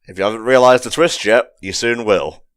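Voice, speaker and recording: A man's voice: mid-range voice, fairly quick, clean tone, no room sound. A man hosting a casual audio commentary, chatty and joking, swearing now and then. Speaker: commentary host.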